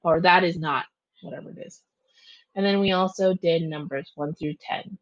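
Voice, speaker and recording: A woman teacher giving a slow, clear recorded vocabulary review, pausing between each word and its translation. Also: on the low side, steady tone, no room sound. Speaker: Japanese teacher. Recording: dull, muffled lo-fi sound.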